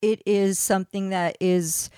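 Woman regular on a chat show, an animated storyteller, mid-pitched voice, dry close recording. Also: a little slow, smooth, no echo. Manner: animated storyteller acting out others' lines. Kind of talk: casual chat.

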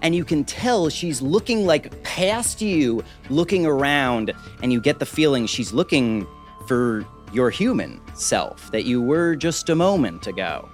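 A man narrating a tabletop game as game master, playful and animated. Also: medium pitch, measured pace, soft background music.

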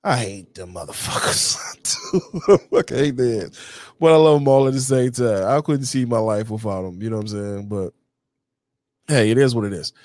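A man's voice: medium pitch, brisk, dark tone, no room sound. Blunt, profane man talking to camera. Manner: blunt, heavily profane, repeats "you know what I'm saying". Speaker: podcast host. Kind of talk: casual monologue to camera.

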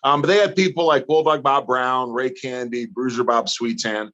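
A man's voice: mid-range voice, moderate pace, muffled recording. A man from northern Missouri, a guest telling stories in a casual interview and acting out the people in them. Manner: animated storyteller, acts out others.

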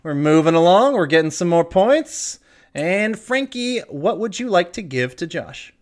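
A man's voice: sits high, measured pace. A man hosting a casual trivia quiz, reading questions and judging answers. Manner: lively, reads trivia questions aloud. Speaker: quiz host. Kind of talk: casual quiz show banter.

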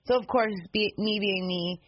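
A woman co-hosting a casual radio chat, talking in a chatty way with quick reactions. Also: medium pitch. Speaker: co-host. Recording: dull lo-fi radio audio with faint noise.

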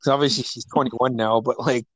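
A man's voice: mid-range voice, steady tone, brisk, breathy edge, no room sound. A middle-aged father chatting on a phone call, rambling through a story, acting out quotes and laughing often. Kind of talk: casual phone chat.

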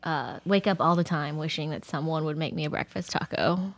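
A woman's voice: sits low, brisk, no room sound. A woman from Texas, a podcast guest, telling playful stories with lots of filler words. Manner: playful, animated storyteller with many fillers. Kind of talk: casual podcast interview.

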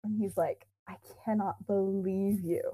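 A woman's voice: medium pitch, steady tone, a little slow, dark tone, breathy edge, low-quality recording. A young woman co-hosting a podcast, casually retelling a fan-fiction story with quoted dialogue, lots of fillers and giggles.

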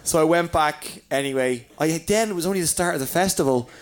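An Irish man, a comedian guest, telling a story in casual chat, animated and swearing as he laughs through it. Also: fairly high pitch, a little fast. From Ireland.

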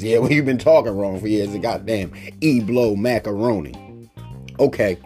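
A man's voice: lowish voice, normal speed, mellow, soft background music. A man from Baltimore, Maryland hosting a solo podcast. He tells stories animatedly, acts out the people he quotes, and rants with mock indignation. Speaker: podcast host.

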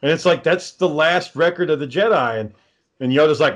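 A man with a slightly high voice rants in casual conversation, cursing freely and mocking what he dislikes. His delivery is loose and sarcastic, with plenty of restarts as he works himself up. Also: animated, brisk. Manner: ranting, sarcastic, swears constantly. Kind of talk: casual profane chat.

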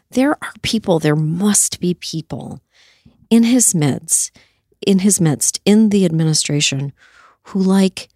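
Brief: impassioned woman host, low-ish voice with wide swings, dry close sound, heated and blunt. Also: a little mellow, no echo. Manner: heated, profane, emphatic, with bursts of indignation. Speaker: talk show host. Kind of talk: impassioned interview answers.

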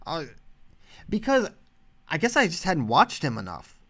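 A man co-hosting a podcast, chatting casually about wrestling picks with quick, animated banter. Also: fairly high pitch. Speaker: podcast co-host. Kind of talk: casual sports chat.

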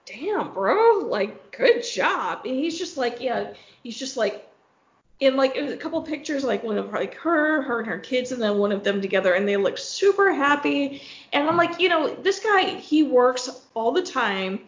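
A woman's voice: high-pitched, lively intonation, normal speed, echoey room, dull audio. A young woman co-hosting a casual podcast, telling a story with lots of fillers and laughs. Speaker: podcast co-host. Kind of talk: casual chat among friends.

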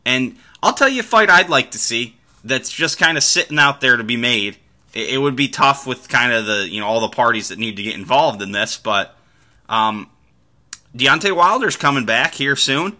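Very bright-voiced casual podcast man. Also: medium pitch, expressive, moderate pace. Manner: rambling, with restarts and swearing. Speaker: podcast host. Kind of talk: casual sports commentary.

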